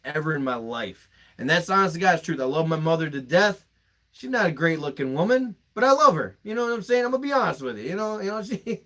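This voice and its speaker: Young guy podcast host, kinda high voice, emotional and emphatic, swears a lot. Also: fairly bright tone. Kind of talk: candid podcast storytelling.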